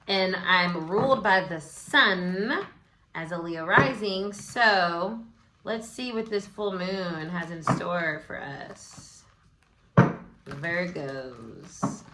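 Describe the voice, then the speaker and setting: A woman's voice: mid-range voice, a bit bright, echoey room, slight background noise. A woman giving a casual, encouraging tarot reading, talking aloud with many fillers. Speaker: tarot reader.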